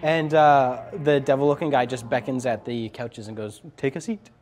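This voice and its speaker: A man narrating as game master of a tabletop game, relaxed and chuckling as he describes scenes. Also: medium pitch, normal speed, soft background music.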